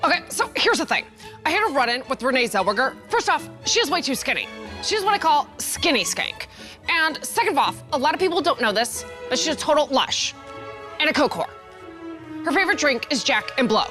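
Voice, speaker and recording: A woman's voice: high voice, sing-song, a little fast, music in the background. A woman delivering a catty, gossipy comedy monologue.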